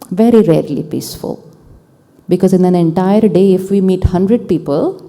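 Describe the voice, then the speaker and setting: A woman giving a calm spiritual talk to an audience, repeating key phrases and acting out quoted dialogue. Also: medium pitch. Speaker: spiritual teacher. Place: large hall with an audience. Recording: long hall reverb.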